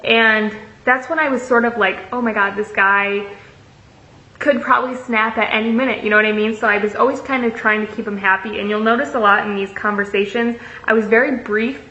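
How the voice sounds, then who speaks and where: In a slightly fast, sharp voice on the high side with a steady tone, a young woman vlogs a casual storytime. She reads messages out loud, curses freely, and scatters likes and ums throughout. The sound is echoey and somewhat muffled.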